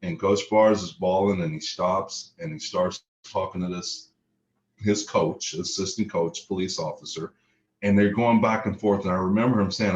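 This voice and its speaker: Middle-aged man from Chicago, very low voice, emotional storyteller, slightly muffled recording. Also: fairly even intonation, normal speed, slight background noise. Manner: vivid present-tense storytelling, emotional. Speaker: motivational speaker. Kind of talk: personal storytelling talk.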